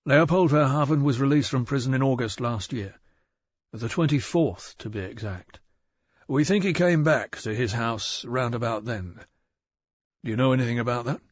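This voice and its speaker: A man voicing a calm, methodical male police detective in an audiobook, asking direct questions. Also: medium pitch, normal speed, dry recording, lo-fi sound, natural voice. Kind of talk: audiobook character voice.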